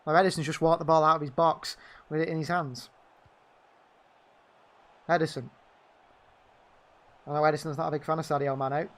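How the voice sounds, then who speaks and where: A man's voice: fairly high pitch, little pitch movement, moderate pace, pauses often, a bit bright. A man giving partisan live fan commentary on a football match, calling the play and venting at the referee. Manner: partisan, indignant outbursts at the referee.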